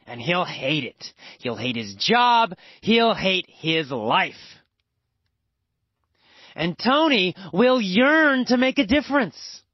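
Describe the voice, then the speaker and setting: Slowly and simply, a man teaches English through a story, leaning on exaggerated, repetitive emphasis and big pitch swings in an animated storytelling style. The recording is dry, dull and lo-fi.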